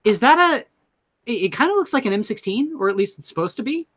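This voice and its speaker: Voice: mid-range voice, big pitch swings, fast, a bit bright. A co-host chatting casually on a comics livestream, often stammering and restarting. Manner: hesitant, stammering. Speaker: podcast co-host.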